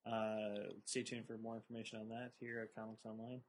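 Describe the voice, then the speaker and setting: A young man co-hosting a casual podcast, talking with excited fan enthusiasm and a lot of ums. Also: fairly low pitch, a little fast, rough recording. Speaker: podcast co-host.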